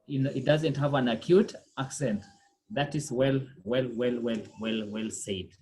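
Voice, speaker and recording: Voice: mid-range voice, unhurried, a little mellow, a little hiss or hum. A language teacher giving a pronunciation lesson, quizzing the class, repeating words patiently and checking in with "okay?" and "eh?".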